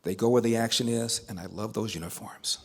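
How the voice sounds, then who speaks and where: A man's voice: lowish voice, brisk, vocal fry, slight background noise. An older man giving a storytelling speech at a banquet, building emphasis through repetition. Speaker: speaker at a banquet.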